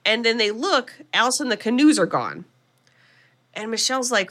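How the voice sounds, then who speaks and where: Bright-voiced woman podcast host. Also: fairly high pitch. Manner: animated, quick voices for characters, swearing. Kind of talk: casual comedic film recap.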